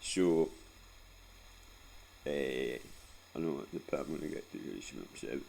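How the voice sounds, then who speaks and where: Rambling through a sweary life story with frequent laughs, this Scottish vlogger in his forties has a very deep, gravelly, dark voice with lively intonation and a slow pace. The audio is poor, with soft background noise beneath him.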